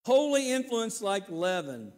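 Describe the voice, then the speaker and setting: High-voiced preacher in a reverberant church. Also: male voice, very animated, measured pace. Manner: earnest, repeats words, swings between loud emphasis and quiet asides. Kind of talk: sermon.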